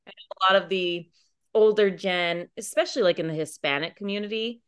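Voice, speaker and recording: Woman, podcast host: lower-pitched, casual, supportive, rambling delivery. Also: a little fast, clean tone. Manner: warm, supportive listener, rambling with many fillers. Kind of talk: casual chat.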